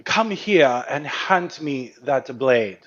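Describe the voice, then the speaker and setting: A man voicing a stern master who speaks slowly and deliberately in a tabletop game. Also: mid-range voice, lively intonation, fairly bright tone, muffled recording, soft background music. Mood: suspicious. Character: stern human man, a master examining a blade.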